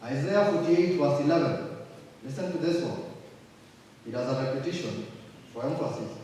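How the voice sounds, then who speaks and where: Male preacher, measured and emphatic, slightly high voice, roomy far-off sound with faint ambience. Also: mellow, a little hiss or hum. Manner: slow, emphatic, repeats phrases for weight. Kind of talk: sermon. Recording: distant mic in an echoey hall.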